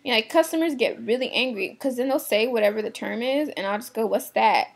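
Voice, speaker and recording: A woman's voice: on the high side, fast, vocal fry. A young woman who works in a shoe department, venting bluntly and with exasperation, swearing casually. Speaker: shoe department retail worker. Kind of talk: venting to camera.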